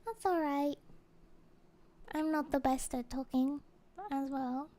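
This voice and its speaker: A woman streamer chatting casually and answering viewer comments, rambling and halting with many fillers. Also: high voice, steady tone. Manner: soft and gentle, with small laughs.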